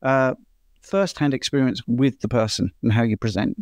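A man's voice: medium pitch, a little mellow, no echo. Chatty man explaining, dry close sound. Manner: chatty, explanatory, quick to laugh. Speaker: doctor answering viewer questions. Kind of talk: casual Q&A chat.

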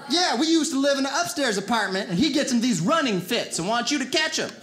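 A man doing a stand-up comedy set, telling animated stories and putting on voices for the people he quotes. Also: extremely high pitch, fast. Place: theater stage before a laughing audience. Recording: loud audience noise.

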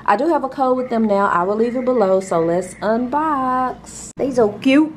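A woman's voice: on the high side, normal speed, a little hiss or hum. A woman, chatting casually and gushing to viewers as she unboxes gifts for her vlog, filmed on a handheld camera. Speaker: vlogger.

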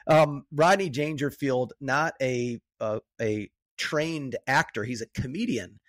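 A man's voice: medium pitch, slow, a bit bright, dry recording. A man co-hosting a movie podcast in loose, chatty talk that speeds up in bursts. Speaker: podcast co-host. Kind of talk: casual movie chat.

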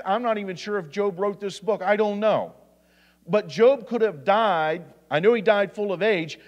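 A man, an assistant pastor from Indiana, preaching a sermon, reading scripture aloud with restarts and asides. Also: high-pitched. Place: church sanctuary. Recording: church hall with long reverb.

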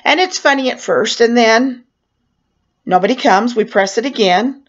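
An older woman telling a personal story with animated delivery, acting out her own panic in a raised voice. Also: on the high side, normal speed. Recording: dull lo-fi sound.

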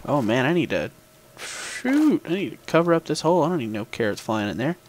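A man's voice: on the high side, big pitch swings, fairly quick. A man hosting a gaming video, chatting casually as he plays, thinking aloud and humming little sound effects while he talks to the game. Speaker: gaming channel host. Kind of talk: casual gameplay commentary. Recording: background noise with mouse and keyboard clicks.

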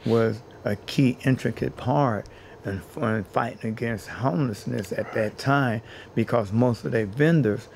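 Creaky-voiced man telling his story. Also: mid-range voice, a little slow, darkish tone, slight background noise. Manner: earnest, builds points by repeating phrases. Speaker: interview guest, housing activist. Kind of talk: personal storytelling in an interview.

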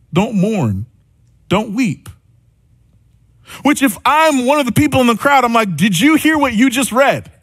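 Male pastor with a high, light voice and a dry, close sound, preaching casually and acting out quick exchanges. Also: a bit bright, no room sound. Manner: conversational preaching with acted-out dialogue and asides. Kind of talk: sermon.

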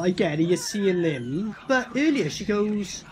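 A film reviewer giving casual, profane reaction commentary and acting out characters in quick asides. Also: mid-range voice, very animated, soft background music.

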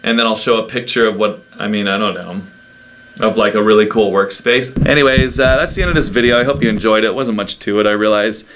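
A man's voice: on the low side, quick pace, fairly bright tone, a little hiss or hum. A man vlogging casually from his home office, rambling and interrupting himself as he shows things off. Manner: rambling, chatty, self-interrupting. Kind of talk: casual unscripted vlog. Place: home office in a house in the woods. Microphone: desk microphone.

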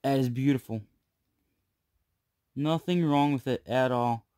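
A man vlogging as he opens card packs, speaking slowly and unhurriedly. He is breathless and full of exclamations, and he keeps turning to talk to his viewers. His pitch sits in an ordinary middle range. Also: dark tone. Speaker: card collecting YouTuber. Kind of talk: casual pack-opening vlog.

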